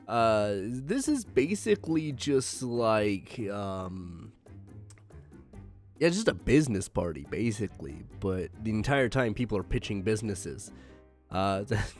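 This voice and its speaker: A man hosting a casual anime episode recap, joking loosely with lots of fillers. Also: fairly low pitch. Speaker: host.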